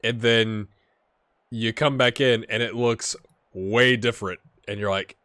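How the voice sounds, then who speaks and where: A man casually commentating a football management game, rambling and questioning himself, with sudden bursts of excitement. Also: medium pitch, unhurried, no echo, clean studio sound. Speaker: gaming YouTuber.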